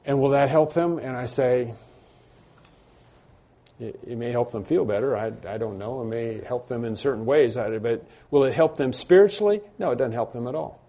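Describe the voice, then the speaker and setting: A pastor preaching an expository sermon in a conversational way, with many fillers and restarts, rising to emphatic bursts on key points. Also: male voice, mid-range voice, moderate pace, warm tone.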